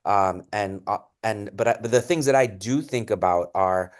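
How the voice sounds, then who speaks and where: A children's author in casual conversation, a man who talks in an animated, rambling way. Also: lowish voice, moderate pace.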